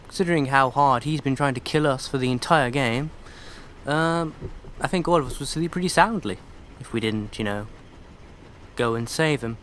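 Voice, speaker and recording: A man's voice: mid-range voice, normal speed, a bit bright, slight background noise. A man commenting casually on a video game he is playing, with sarcastic, irreverent asides. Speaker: let's play commentator.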